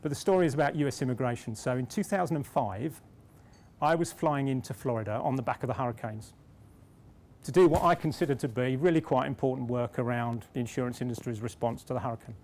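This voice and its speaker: Here a middle-aged British man talks fast in a medium-pitched, somewhat mellow voice. In a conference hall, he recounts a self-deprecating story, restarting along the way before turning to the point of his speech.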